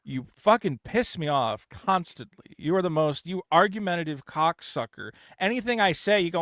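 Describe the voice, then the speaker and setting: Lively, profane, bright-voiced male host. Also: a little high, moderate pace, hardly any pauses, dry recording, clean studio sound. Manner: profane, blunt, mocks others in exaggerated voices. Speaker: podcast host. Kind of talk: casual podcast chat.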